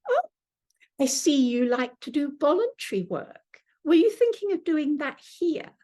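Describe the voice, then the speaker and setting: A woman's voice: sits high, big pitch swings, a little slow, mellow, pitched above the performer's own voice. A woman voicing a female lab boss who politely questions her during a job interview. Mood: inquiring.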